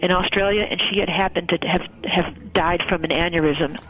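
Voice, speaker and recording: A woman's voice: fairly low pitch, steady tone, brisk, poor audio. Chatty woman telling a story. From United States. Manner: chatty, warm storyteller with many fillers. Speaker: guest celebrant. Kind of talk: casual storytelling interview.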